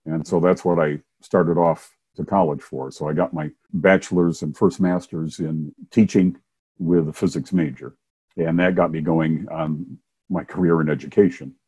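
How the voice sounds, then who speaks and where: An older man, a Methodist minister and former science teacher, telling his story in a relaxed interview with chuckles along the way. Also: rumbling low, normal speed, slightly rough. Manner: warm anecdotal storytelling with chuckles. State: hard of hearing, wears hearing aids.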